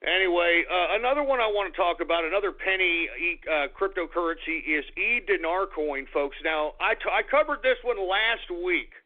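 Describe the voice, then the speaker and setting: Radio host, male, blunt and emphatic, high voice, lo-fi phone-quality sound. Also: lively intonation, normal speed, few pauses. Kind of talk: casual crypto market talk.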